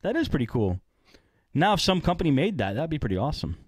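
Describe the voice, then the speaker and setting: A man co-hosting a casual podcast, laughing a lot and asking quick questions. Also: fairly high pitch, sing-song, no room sound, clean studio sound. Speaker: podcast co-host. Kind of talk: casual chat.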